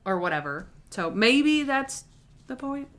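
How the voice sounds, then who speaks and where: Higher-voiced woman in rambling chat. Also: measured pace. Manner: animated, rambling with restarts and quoted asides. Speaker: podcast co-host. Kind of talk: casual chat.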